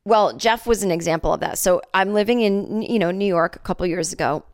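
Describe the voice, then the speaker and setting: A woman's voice: mid-range voice, brisk. A woman in her forties hosting a solo comedy podcast, chatting and telling a made-up story with lots of acted-out voices. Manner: chatty, jokey, acts out voices in her stories. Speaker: podcast host.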